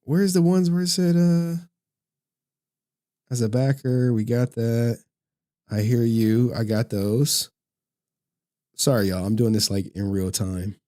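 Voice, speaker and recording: A man streaming live, giving commentary in an animated, exasperated rant with frequent swearing. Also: mid-range voice, slow pace, pauses often.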